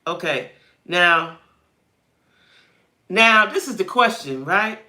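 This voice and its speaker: A woman hosts a casual live chat stream in a very bright, forceful voice. She talks straight to her viewers, greets them by name, and narrates her own fumbling with the stream settings as she goes. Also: fairly low pitch, expressive, slow. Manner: thinks aloud while fumbling with stream settings. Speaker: livestream host.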